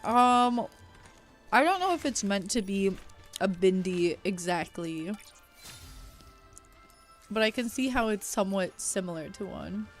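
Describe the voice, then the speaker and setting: A young woman streaming a game, chatting casually in slang, reading chat aloud and bursting into loud reactions. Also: medium pitch, lively intonation, measured pace, pauses often, soft background music.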